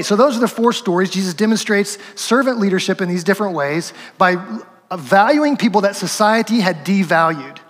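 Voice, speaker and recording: A male pastor with a high, somewhat bright voice delivers a conversational sermon, with a long reverb tail trailing his words. He acts out quotes, chuckles, and throws in rhetorical questions and asides.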